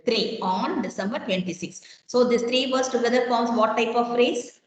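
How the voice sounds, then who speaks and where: A woman's voice: on the high side, normal speed. A woman lecturer giving a classroom lesson, explaining step by step and quizzing her students with repeated questions. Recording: very echoey classroom.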